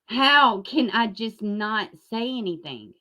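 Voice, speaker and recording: A woman rants on her livestream in a high voice. She swears often and turns sarcastic and furious, then talks straight to people in her chat. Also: animated, slow, bright, forceful tone. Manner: angry, profane, sarcastic; addresses chat viewers by name. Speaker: YouTube channel host. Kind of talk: livestream rant.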